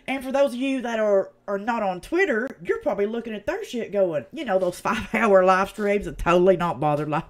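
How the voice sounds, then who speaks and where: A woman with an East Tennessee Southern accent talks straight to her livestream chat in a blunt, profane rant. Her pitch swings widely up and down as she vents and jabs. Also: animated, fairly quick, few pauses. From United States. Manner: blunt, profane, heated ranting. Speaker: channel host. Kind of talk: casual livestream commentary.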